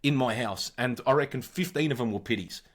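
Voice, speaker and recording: A man in his forties with an Australian accent, a podcast co-host telling wild childhood stories in a blunt, profane, animated way. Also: mid-range voice, a little fast, crowd noise. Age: 40s. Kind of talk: casual storytelling.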